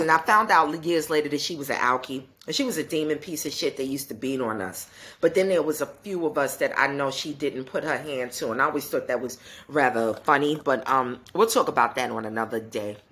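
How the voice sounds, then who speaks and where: A woman in her forties hosting a podcast, telling stories in an animated, gossipy way and talking straight to her listeners. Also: a bass voice, brisk. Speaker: podcast host. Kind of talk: casual solo podcast storytelling.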